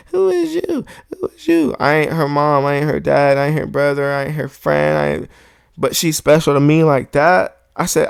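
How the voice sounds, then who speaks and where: Gravelly man ranting on a podcast. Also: on the high side, dry recording, clean studio sound. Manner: heated, profane, repetitive insistence. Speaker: podcast host. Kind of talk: podcast monologue rant. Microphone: studio microphone.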